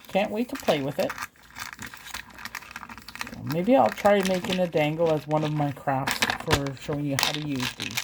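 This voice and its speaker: Unpacking and reviewing craft supplies, this vlogger talks in a deep voice with vocal fry, chatty yet hesitant, full of fillers and self-corrections. The recording is very noisy.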